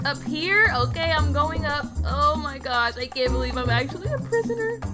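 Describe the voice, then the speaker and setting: A woman's voice: sits high, animated, moderate pace, few pauses, loud music behind the voice. A woman narrating her own character in a game roleplay, chatty and dramatic, full of indignant slang. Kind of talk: casual game roleplay commentary.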